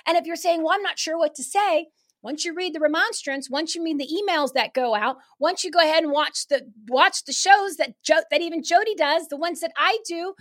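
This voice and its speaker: Fired-up high-voiced woman. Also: a bit bright. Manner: fired-up, rapid, emphatic. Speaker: guest activist. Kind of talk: casual talk-show chat.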